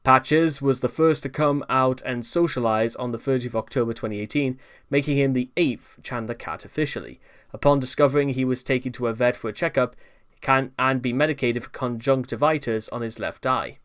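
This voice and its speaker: A man with a smooth, resonant voice narrates a commentary video from his notes, often stumbling into restarts. His asides turn exasperated, and his pitch sits in the middle range for a man. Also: brisk, fairly bright tone. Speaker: commentary channel host.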